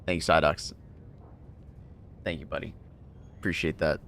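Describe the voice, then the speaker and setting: A man chatting casually on a livestream, laughing often and thanking viewers excitedly. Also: extremely low pitch, unhurried, a little hiss or hum. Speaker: streamer.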